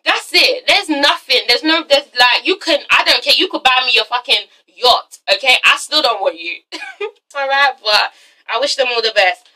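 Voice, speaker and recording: A woman's voice: sits high, pushed and bright, distant mic, rough recording. A young woman giving a blunt, swear-filled casual commentary review, often tagging her points with "okay?". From England. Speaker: reality TV reviewer.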